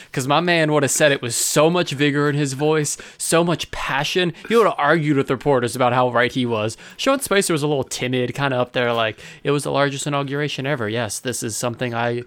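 A man co-hosting a podcast, bantering in a casual, teasing and animated way. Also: medium pitch, no room sound. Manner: animated, teasing, quick to joke. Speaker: podcast co-host.

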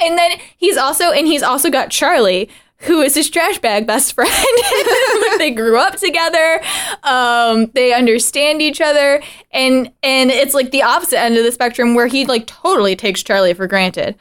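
A young woman co-hosting a podcast in casual chat, excitable, laughing often and swearing freely. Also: sits high, moderate pace. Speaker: podcast co-host.

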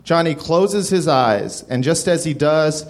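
A male comedian reads his story aloud on a comedy club stage, speaking into a handheld mic. His delivery is deadpan, and his voice sits slightly high for a man. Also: measured pace. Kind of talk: deadpan comic reading to a live audience.

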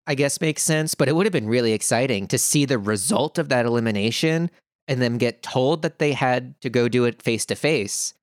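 A man's voice: medium pitch, fairly quick, no room sound, clean studio sound. A man co-hosting a podcast, chatting animatedly about a reality show, swearing casually and acting out quotes. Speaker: podcast co-host.

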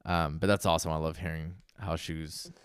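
A man hosting a casual chat, relaxed and joking, with trailing asides. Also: very deep voice, fairly quick, smooth, no room sound, studio quality.

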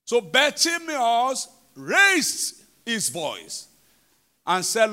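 During a church service, a pastor with a Nigerian accent gives an emphatic sermon in a very high, animated voice at a moderate pace. He asks the congregation questions and alternates between yelling and quieter passages.

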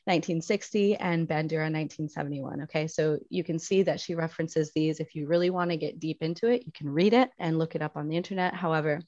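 A woman's voice: fairly low pitch, a little mellow, dry recording. A woman teacher explaining a psychology topic in a casual, explanatory way with playful asides. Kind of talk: recorded psychology lesson. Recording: dull dry recording.

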